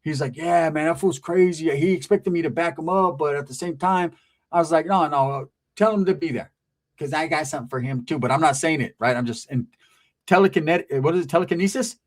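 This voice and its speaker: Storyteller, male, slightly high voice, foul-mouthed and lively, does all the voices himself. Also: fairly quick. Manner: animated, acts out every quoted voice; profane, slangy street talk with Spanish words. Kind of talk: casual storytelling.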